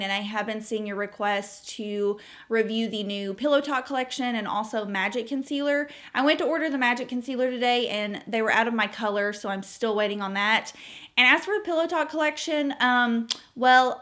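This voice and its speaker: A woman's voice: fairly high pitch, bright, forceful tone. A young woman chatting to camera in a casual beauty review, enthusiastic and gushing about her favorite products. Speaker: beauty vlogger.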